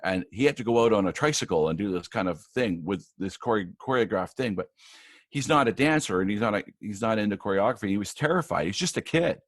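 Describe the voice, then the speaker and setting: A man working as a live event AV producer, casually telling backstage anecdotes in an interview, with lots of restarts and animated retellings. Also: fairly low pitch, quick pace, no room sound, studio quality.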